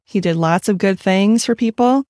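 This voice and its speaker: A woman's voice: mid-range voice, normal speed, darkish tone, no echo, clean studio sound. A woman guesting on a podcast, giving frank opinions in casual talk full of fillers like "like" and "you know". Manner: frank, filler-heavy, speaks in bursts.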